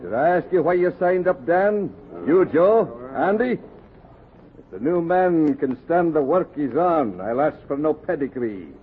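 A hearty commanding whaling skipper, lively pitch, thin phone-like old radio sound. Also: male voice, measured pace. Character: bold Boston whaling skipper, gruff and loyal. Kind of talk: 1950s radio drama acting. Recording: tinny lo-fi old radio recording.

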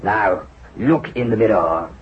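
An actor playing a flamboyant, smooth-talking financier in a vintage radio drama, expansive and persuasive. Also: male voice, fairly low pitch, slow, noisy background. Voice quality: expansive, persuasive, lively intonation. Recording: dull old radio drama recording.

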